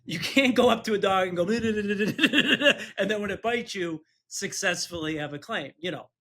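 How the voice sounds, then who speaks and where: A man's voice: high-pitched, fairly quick, a bit bright. A man who is a personal injury attorney co-hosting a podcast, telling an anecdote casually, chuckling through it and acting out the voices of people he quotes.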